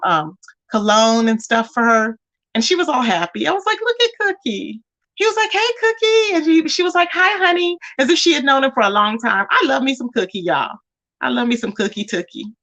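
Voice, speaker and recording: On her livestream, a talkative woman with a rather high voice chats with viewers, reading out their comments. Animated and conversational, she repeatedly calls them "y'all" and "baby."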